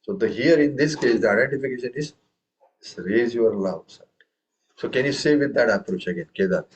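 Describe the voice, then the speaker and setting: Over poor audio, a man with a mid-range, lively voice teaches tabla to an online group at a fairly quick clip. He keeps quizzing his students and chants the drum syllables with heavy stress on the first.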